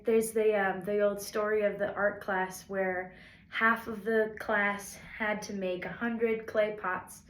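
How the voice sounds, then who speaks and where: A woman's voice: medium pitch, echoey room. A woman songwriter talking to camera in a casual, rambling and encouraging way, with self-deprecating asides. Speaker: songwriter vlogger. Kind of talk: casual reflective talk to camera.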